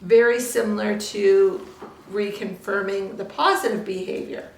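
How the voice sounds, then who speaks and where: A woman breeder explaining puppy training calmly, switching to high sing-song praise for the puppies. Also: unhurried, recorded from a distance, a little hiss or hum. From Canada. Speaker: dog breeder. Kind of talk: casual training demonstration. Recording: echoey room, voice off-mic.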